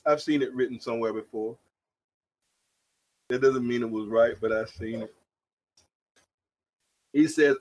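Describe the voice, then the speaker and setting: A man preaching a fiery sermon as pastor, swinging from quiet asides to shouted points. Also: mid-range voice, measured pace, long pauses.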